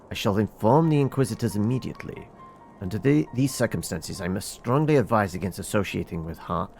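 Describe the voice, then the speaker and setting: A man voicing a stern, duty-bound male official in a fantasy game, reading in a formal, stiff way with halting restarts. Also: medium pitch, vocal fry.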